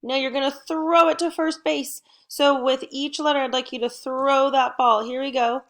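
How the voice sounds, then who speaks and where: Upbeat and encouraging, a middle-aged woman records a home lesson aimed at first graders. Her voice sits high with a steady tone, and she speaks slowly and clearly so the kids can understand.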